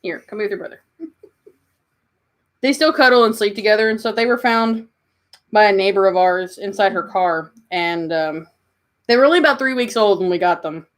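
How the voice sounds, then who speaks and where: A brisk, medium-pitched woman from Kentucky chats casually on her livestream in a Southern accent. She responds warmly to chat comments and coos at her pets.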